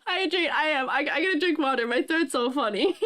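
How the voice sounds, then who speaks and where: A woman's voice: sits high, lively intonation, moderate pace, a bit bright. A woman streamer chatting casually with viewers, laughing and crying happy tears as she thanks them. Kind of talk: casual live-stream chat.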